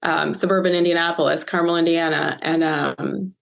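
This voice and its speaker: Woman, 50s, from the US; podcast guest recounting her past, heartfelt, pausing to steady herself. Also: sits low, gravelly. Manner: earnest, emotional, pauses to collect herself. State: choked up. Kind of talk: podcast interview, personal storytelling.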